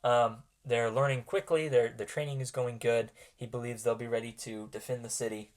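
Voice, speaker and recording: A man acting as game master for a tabletop role-playing game describes scenes to his players in a steady, mid-range voice. His narration is halting, with many ums and restarts.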